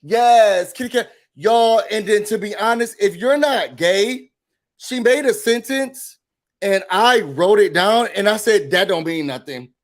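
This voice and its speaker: Sassy, high-voiced man ranting. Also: unhurried. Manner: expressive, sassy, mimics quotes in a high voice. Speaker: recap show host. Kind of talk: animated recap and rant.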